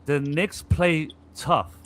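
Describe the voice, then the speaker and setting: Male podcast co-host, bright tone, lively, excitable sports banter. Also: on the high side, drawn-out words. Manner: animated, acts out players' griping with profanity. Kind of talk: casual sports chat.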